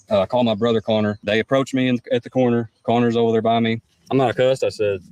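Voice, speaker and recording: Fast-talking man recounting an arrest. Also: mid-range voice, a little mellow, dry recording, far from the mic. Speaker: interviewee. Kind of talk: recounting a story.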